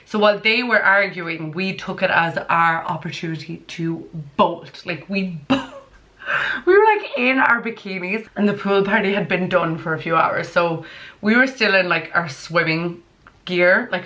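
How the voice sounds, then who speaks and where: A young woman chatting through a storytime vlog from her bedroom, animated and full of "like" and laughter. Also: lowish voice, normal speed. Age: young adult. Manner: chatty and animated, heavy use of "like", frequent laughs. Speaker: vlogger.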